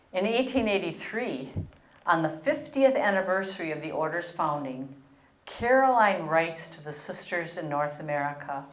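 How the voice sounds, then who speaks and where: An older religious sister giving an earnest historical presentation, telling stories and reading out letters. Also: female voice, low-pitched, reverberant. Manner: earnest storytelling with read-out quotes.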